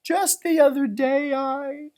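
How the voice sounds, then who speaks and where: A man voicing a friendly, chatty female dog who talks slowly and gently. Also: extremely high pitch, fairly even intonation, voice pushed up. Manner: slow, gentle, apologetic.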